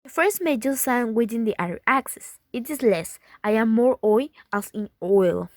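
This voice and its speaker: A woman's voice: on the high side, no echo, clean studio sound. A woman reading a presentation on accents, repeating each example word in turn. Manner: very slow, repeating example words.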